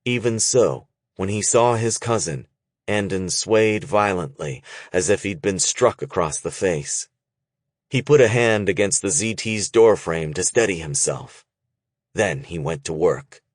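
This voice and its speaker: Male narrator, low voice, slow pace, lively intonation, dry close sound. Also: no echo. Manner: measured and expressive. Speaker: audiobook narrator. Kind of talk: scripted narration.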